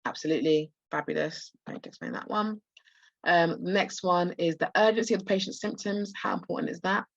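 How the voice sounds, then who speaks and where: A woman tutor, hoarse and losing her voice, walks students through practice test answers with many restarts and fillers. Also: fairly low pitch, a little fast, no room sound, dull audio. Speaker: medical school admissions tutor. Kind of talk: live online practice test walkthrough.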